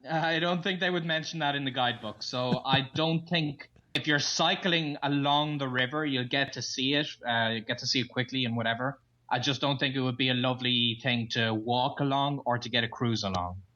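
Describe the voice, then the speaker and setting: A man's voice: mid-range voice, moderate pace, sharp tone. An Irish man chatting enthusiastically as a podcast guest, telling stories from his travels. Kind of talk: casual interview chat. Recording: dull lo-fi sound.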